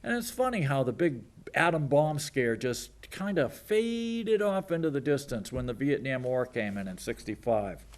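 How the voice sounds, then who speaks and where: A man's voice: medium pitch, very animated, normal speed, hardly any pauses. A man in his sixties giving sardonic local TV news commentary, mocking and rambling with jokey asides. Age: 60s.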